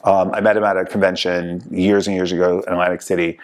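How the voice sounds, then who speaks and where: A man hosting a casual talk show, telling lively stories and acting out the people he quotes. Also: sits low, quick pace. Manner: animated storyteller, acts out quoted people. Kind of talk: casual chat.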